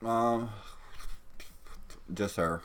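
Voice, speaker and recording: A man's voice: lowish voice, extremely slow, a bit bright, a little hiss or hum. A man co-hosting a casual gaming livestream, laid-back and dry, talking through a bout of hiccups. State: has the hiccups. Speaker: livestream co-host.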